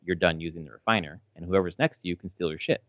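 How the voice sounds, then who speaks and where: A man's voice: deep voice, fast talker, a bit bright, no room sound. A man in his thirties chatting casually as a podcast co-host, rambling with lots of fillers and restarts and swearing freely. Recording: slightly dull, dry audio.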